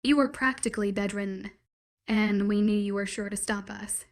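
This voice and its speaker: A woman's voice: mid-range voice, steady tone, normal speed, lightly acted. A woman reading Noah, a sarcastic young man. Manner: sarcastic, eye-rolling.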